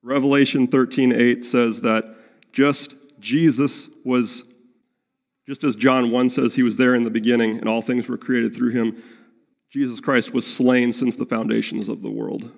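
Male pastor, mid-pitched and gravelly, earnest sermon delivery, long church-hall reverb. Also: little pitch movement, a little slow. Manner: earnest, acts out prayers and quotes in his own voice.

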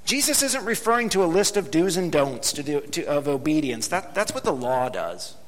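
A man preaching a sermon as pastor, speaking emphatically and slowing down to drop low on key words. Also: very animated. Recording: long hall reverb.

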